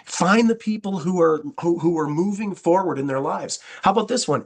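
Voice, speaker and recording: Man, sales coach, animated delivery, acts out phone calls, slightly higher voice. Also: brisk, breathy edge. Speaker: network marketing trainer. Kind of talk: coaching talk with sample scripts.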